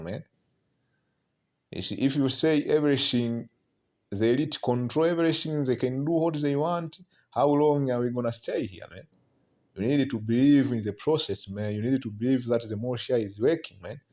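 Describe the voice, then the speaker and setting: A man's voice: medium pitch, a little mellow. A man preaching on prophecy in a loose, conversational way, reading scripture aloud, often stumbling over repeated words and ending lines with "man". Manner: keeps tagging lines with "man", halting repeats; reads scripture aloud between remarks.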